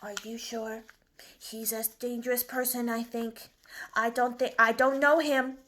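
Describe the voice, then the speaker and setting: A woman voicing an excitable young male puppet dog who bursts into loud barking. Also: on the high side, measured pace. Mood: worried.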